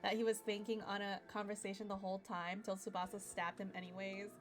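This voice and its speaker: A woman's voice: medium pitch, quick pace, faint music behind. A young woman streamer giving casual, emotional commentary while playing a video game. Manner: emotional, animated reactions.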